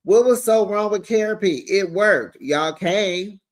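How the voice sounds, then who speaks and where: A man recaps reality TV in a sassy, chatty way, talking right to his audience. His voice sits a little higher than most men's. He sounds animated and playful as he shares the gossip. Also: unhurried. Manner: sassy, animated, talks straight to viewers.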